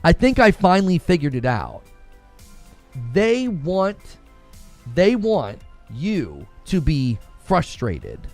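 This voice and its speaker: A man's voice: on the high side, wildly swooping pitch, takes it slowly, a little mellow, faint music behind. A man hosting a gaming news show, talking casually and with exasperation, repeating himself as he rants. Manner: exasperated, repetitive, conversational ranting. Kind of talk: casual opinion commentary.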